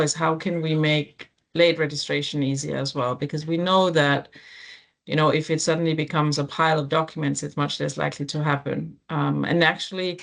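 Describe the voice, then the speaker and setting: A woman hosts an online panel over a video call, her voice carrying a noticeable gravelly fry. She talks in a loose, conversational way, often pausing on ums and restarting her sentences. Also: sits low. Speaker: webinar moderator. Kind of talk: hosting an online panel discussion.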